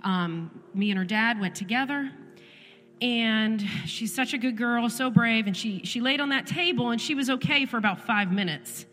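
A woman's voice: a little high, moderate pace, fairly bright tone, a little hiss or hum. Earnest woman leading church worship. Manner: earnest storytelling, emphatic repetition. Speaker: worship leader. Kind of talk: church devotional talk. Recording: reverberant church hall with music.

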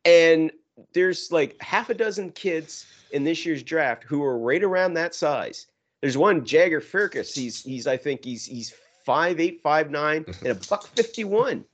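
A man's voice: on the high side, expressive, unhurried. A man co-hosting a casual hockey podcast, chatty and laughing as he talks. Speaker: podcast co-host.

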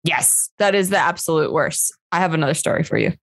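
A woman co-hosting a podcast, telling everyday stories in a lively, giggly way. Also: deep voice, fairly quick, vocal fry. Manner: animated, giggly storyteller. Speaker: podcast co-host. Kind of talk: casual storytelling chat.

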